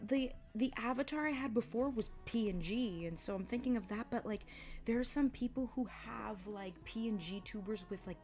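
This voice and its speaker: A soft-spoken woman chatting casually as she draws, often murmuring half to herself. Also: medium pitch. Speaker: artist streamer. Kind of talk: casual chat while drawing. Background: background music.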